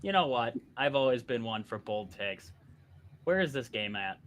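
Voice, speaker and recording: A man co-hosting a sports podcast, talking in an animated, exasperated way and laughing often. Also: medium pitch, normal speed, a little hiss or hum. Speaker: podcast co-host. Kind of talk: casual sports chat.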